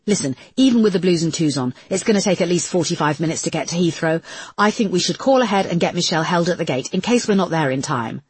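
A woman voicing a brisk woman police officer, speaking tersely and giving firm commands. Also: on the low side, expressive, a little mellow, slightly rough, dry recording.

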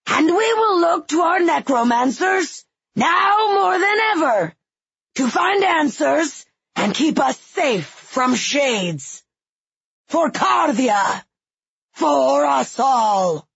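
A woman voicing an ancient, raspy, commanding undead male king in a storybook. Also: high-pitched, big pitch swings, slow pace, few pauses, a bit bright, no echo, lo-fi sound, voice pushed up, exaggerated voice. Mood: rousing.

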